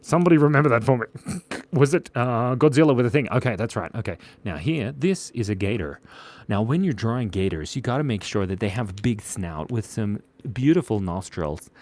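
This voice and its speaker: A man's voice: medium pitch, expressive, a little fast, darkish tone. A young man hosting a casual livestream, drawing requests and reading chat aloud in a playful, giggly way.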